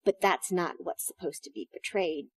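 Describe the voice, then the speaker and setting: A woman being interviewed about her stage acting, telling stories in an animated way and acting out the lines she quotes. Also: lowish voice, moderate pace, breathy edge, no room sound. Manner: animated storytelling, acts out quotes. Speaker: stage actress, guest. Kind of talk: interview conversation.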